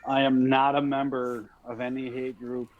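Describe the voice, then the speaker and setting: A man's voice: mid-range voice, little pitch movement, normal speed, dry recording, lo-fi sound. A man in a casual podcast chat, teasing the others with dry remarks.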